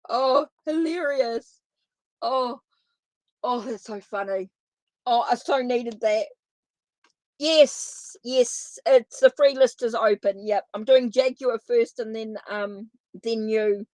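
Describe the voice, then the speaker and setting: A woman's voice: a little high, slow pace, darkish tone, dry recording. Chatty woman reading tarot live. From New Zealand. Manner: chatty and informal, talks straight to viewers. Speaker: tarot reader.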